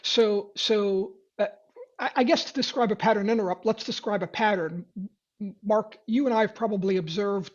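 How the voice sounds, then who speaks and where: A man teaching sales prospecting in a webinar, talking in a lively way with quick restarts. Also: high-pitched, muffled recording. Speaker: sales trainer.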